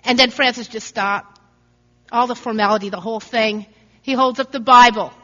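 A woman preacher tells a story in an earnest sermon, slipping into the voices of its people. Her voice is high and bright. The recording is muffled and rings with a long hall echo. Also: steady tone, normal speed. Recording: dull recording in a reverberant hall.

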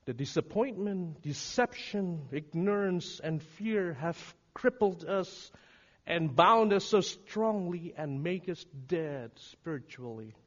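A man preaching a sermon, dramatic and swinging from hushed words to shouting. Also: sits high, animated, slow. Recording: reverberant hall, dull lo-fi sound.

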